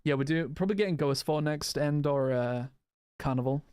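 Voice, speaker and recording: Slightly high, a little mellow and smooth, his voice comes at a fairly quick clip with studio quality and no room sound. He's a gaming creator doing casual live chat while he plays, wandering between topics, replying to viewers and frequently restarting.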